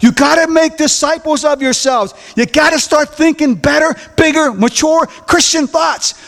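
A male preacher with a very high voice leads a call-and-response sermon. He acts out the voices in his story and climbs to shouts. His voice rings through a church hall with a long echo. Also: normal speed, gravelly.

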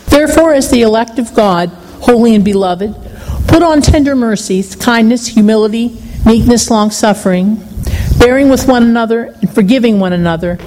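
A woman's voice: a little high, normal speed, darkish tone, a little hiss or hum. Woman reading scripture in reverberant hall. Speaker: congregation member reading scripture. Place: church sanctuary.

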